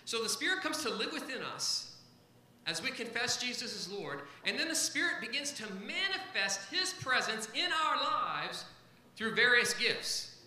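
A man's voice: sits high, sharp tone, echoey room, slight background noise, rough recording. A man, a pastor, preaching a sermon to a congregation, stressing key points by repeating them. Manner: emphatic, repeats key phrases.

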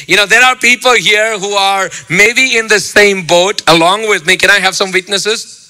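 Bright-toned, high-voiced pastor preaching. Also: male voice, steady tone, normal speed. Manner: conversational, many fillers and restarts, joking with congregation. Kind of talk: sermon.

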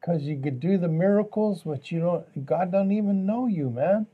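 A man's voice: high voice, animated, moderate pace, narrow, tinny audio. A man, a pastor, talking earnestly on a faith talk show, with a preaching tone and repeated phrases.

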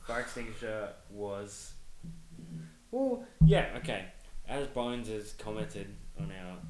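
A man's voice: fairly low pitch, expressive, slow pace, a little mellow, roomy sound, rough recording. A young man casually telling crude stories on a podcast, swearing often and laughing as he talks. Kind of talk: casual chat, storytelling.

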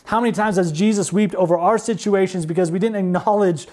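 A man preaching a sermon as pastor, earnest and repetitive, slowing down on emphatic phrases. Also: sits high, darkish tone.

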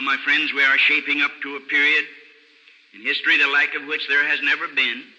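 Older preacher with a bright, ringing voice. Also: male voice, lo-fi sound. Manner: earnest storytelling preacher, dropping low and soft for sad passages. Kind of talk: sermon. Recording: old radio broadcast recording with long hall reverb.

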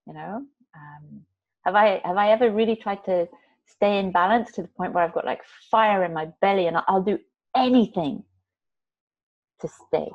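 A woman's voice: medium pitch, moderate pace. A woman telling a personal story in casual conversation, rambling with many restarts and fillers and acting out voices. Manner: animated, acts out quoted voices. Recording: slightly muffled recording.

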